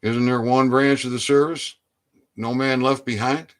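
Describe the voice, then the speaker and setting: A man delivering a preachy political rant, exhorting his listeners and often rising into loud, emphatic outbursts. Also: medium pitch, fairly even intonation, a little slow. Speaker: online commentator.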